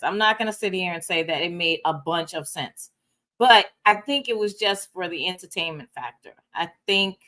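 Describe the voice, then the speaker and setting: A woman sharing her opinion on a review panel over a video call. She is earnest and fills pauses with ums. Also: medium pitch, sharp tone. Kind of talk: casual panel review chat.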